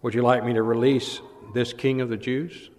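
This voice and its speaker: A man acting out an insistent middle-aged Roman governor, pleading with a crowd in a raised voice, with a medium-pitched tone. The words ring out in a hall with a long reverb tail. It is told as part of a sermon. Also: level tone, normal speed, darkish tone, natural voice.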